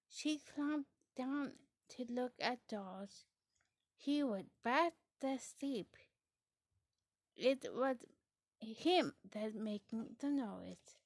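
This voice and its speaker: Woman reading a picture book aloud, slow and soft, dry sound. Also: fairly high pitch, no echo. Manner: soft, slow, often dropping into a hush. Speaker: storybook reader.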